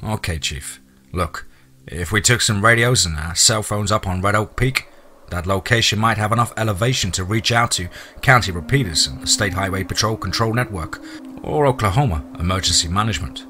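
A man's voice: fairly low pitch, brisk, background noise, close to an everyday voice. Man voicing a blunt ex-soldier farmer. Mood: planning. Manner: blunt, practical. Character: blunt ex-military male farmer, steady and practical.

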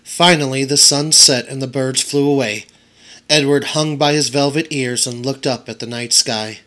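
A man's voice: medium pitch, steady tone, moderate pace, pushed and bright. A man, a teacher, narrating a children's audiobook aloud for his students.

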